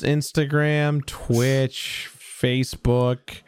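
A man in casual podcast chat, rambling through lists with halting fillers. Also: mid-range voice, smooth, no room sound, studio quality. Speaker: video game YouTuber.

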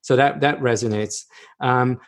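Male interviewer, average pitch, halting and friendly-casual. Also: fairly even intonation. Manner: halting questions with repeated restarts. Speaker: podcast host. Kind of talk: conversational interview.

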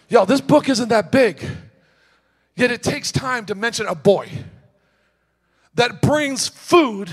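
A man preaching a sermon, telling a personal story with swings from hushed asides to shouted, fervent peaks. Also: high voice, breathy edge.

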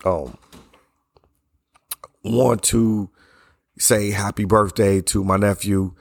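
Middle-aged male podcast host, low hoarse voice, blunt casual opinions, close dry mic. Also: steady tone, slow pace, dry recording. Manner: blunt, opinionated, loose and conversational; yawning between sentences. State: hoarse, strained voice from yelling. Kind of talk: casual solo podcast monologue.

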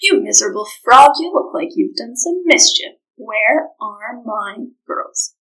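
A woman playing a shouting angry ogre. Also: fairly high pitch, animated, unhurried, rough recording. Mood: scolding. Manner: shouting and scolding. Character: angry brutish male ogre.

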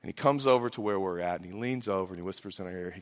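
A man preaching a sermon as pastor. He swings between loud emphatic peaks and soft, hushed drops. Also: deep voice, very fast, hardly any pauses, in a large hall.

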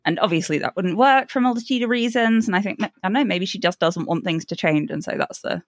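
A woman co-hosting a casual book discussion podcast, chatty, laughing often and throwing in animated asides. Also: medium pitch, fast, dry recording, clean studio sound. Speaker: podcast co-host.

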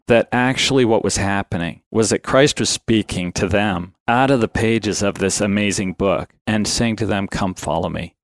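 A man in his fifties, a podcast guest, telling his life story in an earnest, reflective way and often clearing his throat. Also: fairly low pitch, no room sound, clean studio sound.

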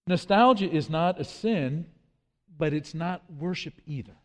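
Speaking a little slowly in a voice on the high side, a pastor preaches earnestly, citing scripture and frequently repeating himself. The sound carries a long hall reverb.

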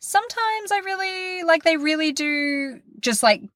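A woman's voice: extremely high pitch, animated, a little slow, fairly bright tone, dry recording. A woman in her thirties co-hosting a podcast, chatting casually and acting out quoted dialogue as she tells a story. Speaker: podcast co-host. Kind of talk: casual chat.

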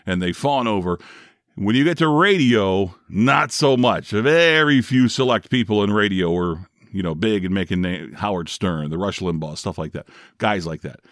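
A man's voice: on the low side, fairly bright tone, no room sound, studio quality. A middle-aged man from Northeast Ohio, a former radio DJ, hosting his own podcast in a chatty, self-deprecating way. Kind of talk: casual solo podcast monologue.

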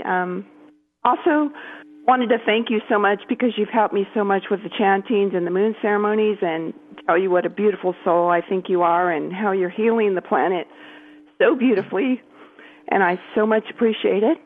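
A woman calling in to a show, speaking hesitantly with halting restarts. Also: mid-range voice. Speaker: caller. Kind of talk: call-in conversation. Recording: tinny phone line.

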